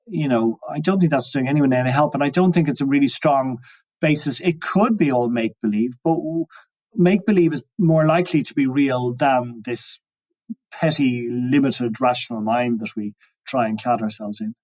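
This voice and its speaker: A man's voice: mid-range voice, normal speed, darkish tone, muffled recording. A man talking as an interview guest, musing and reflective, often restarting his sentences. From Ireland. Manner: musing, many restarts and trailing phrases.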